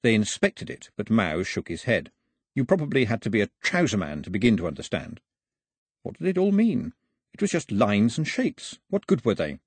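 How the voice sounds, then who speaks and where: A man narrating an audiobook as a lively storyteller, in a husky voice, recorded on a close studio mic. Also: lowish voice, moderate pace, no echo. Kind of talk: scripted narration.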